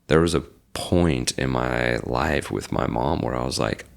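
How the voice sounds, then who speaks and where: This Reno man in his forties speaks in a rumbling, low, creaky voice at an unhurried pace. Appearing as a guest on a laid-back podcast interview, he recounts something from his own life, vividly voicing the dialogue of everyone else involved.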